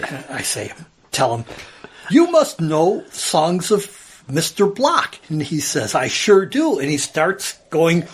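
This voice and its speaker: Animated older storyteller in his sixties, slightly husky tone, acts out the voices. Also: fairly high pitch, takes it slowly. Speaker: interviewee telling a personal story. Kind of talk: casual storytelling. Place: old house at home.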